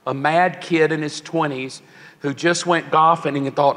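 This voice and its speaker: A man's voice: on the high side, unhurried, bright, forceful tone. Man in his sixties preaching in a large hall. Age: 60s. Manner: emotional storytelling, acts out quoted voices. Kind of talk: sermon. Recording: long church hall reverb.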